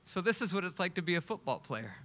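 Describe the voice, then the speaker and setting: A man telling a comic personal story live on stage, animated and acting out other people's lines. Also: sits high, fast, heavy background noise. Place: live stage at a music club.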